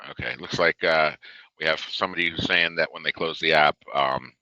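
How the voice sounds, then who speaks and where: A man presenting a software webinar in a loose, conversational way, with lots of fillers, reading questions off a live chat at his desk. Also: a bass voice, steady tone, a little fast, no room sound, lo-fi sound. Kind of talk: casual product webinar.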